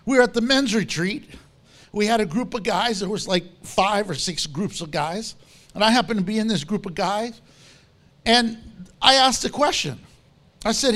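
A man preaching a sermon with animated storytelling, acting out the quotes he tells. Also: high voice, moderate pace.

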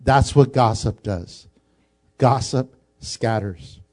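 A man's voice: medium pitch, takes it slowly, a little mellow. A male pastor preaching a sermon in a conversational way, with joking asides.

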